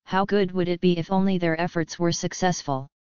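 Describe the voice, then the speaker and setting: A woman's voice: lowish voice, little pitch movement, brisk, darkish tone, clear, resonant tone, dry recording, lightly acted. A woman voicing an ailing old emperor and worried father in an audiobook, speaking in a grave, solemn way. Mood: weary. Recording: slightly dull lo-fi audio.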